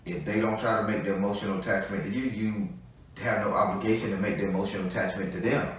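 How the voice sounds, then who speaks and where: Quick-paced, with a fairly low pitch and fairly even intonation, a man gives a live tarot reading. He's a blunt, profane, chatty talker. The audio is echoey and picks him up from a distance.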